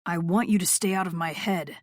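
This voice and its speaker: A woman voicing a brooding, sarcastic male rock star with a gruff, scoffing manner in an audiobook. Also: lowish voice, fairly quick, no echo, clean studio sound, close to an everyday voice. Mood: cold. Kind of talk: audiobook character voice.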